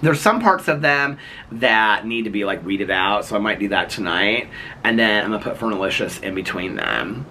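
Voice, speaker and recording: Out in the evening at home, a man vlogs for his viewers, chatting playfully, rambling and laughing as he goes. His voice is lowish with lively intonation and a sharp tone, at normal speed, with slight background noise. It's casual chat to camera.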